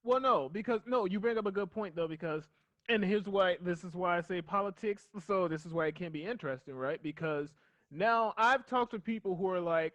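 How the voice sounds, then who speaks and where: A man's voice: high-pitched, normal speed, a bit bright, dry recording, lo-fi sound. A man, a guidance counselor, giving earnest advice in a casual podcast conversation. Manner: earnest, advising tone.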